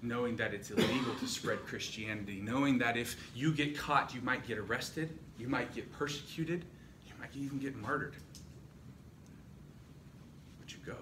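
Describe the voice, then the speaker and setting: A man's voice: medium pitch, moderate pace. A man preaching a sermon in a church hall, retelling a story with dramatic rising and falling intensity. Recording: echoey room, distant mic, noisy.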